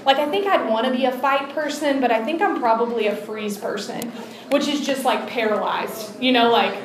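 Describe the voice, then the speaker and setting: A young woman retelling a Bible story in a casual, animated sermon. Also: fairly high pitch, moderate pace, crowd noise. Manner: chatty, animated, acts out the story's voices. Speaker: preacher. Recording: echoey room, faint ambience.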